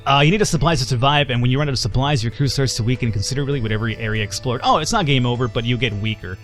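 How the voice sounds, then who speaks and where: A man's voice: mid-range voice, very fast, a bit bright, faint music behind. A man hosting a let's play, giving casual gameplay commentary in a chatty, self-deprecating way as he thinks aloud.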